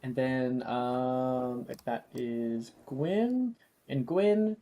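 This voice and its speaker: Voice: mid-range voice, drawn-out words, warm tone. An easygoing game master narrating a tabletop game, laughing often with the players.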